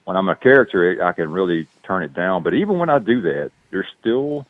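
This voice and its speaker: A man's voice: low-pitched, sing-song, fairly quick. A man with a Southern accent, an actor guest chatting in an interview in a laid-back, rambling way with lots of fillers. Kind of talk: casual interview chat. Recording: tinny phone-line sound.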